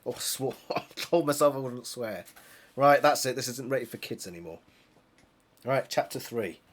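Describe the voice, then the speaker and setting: British man, husky, reads a novel aloud with chatty commentary and self-corrections. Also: mid-range voice, animated, moderate pace. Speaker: reader of a book series.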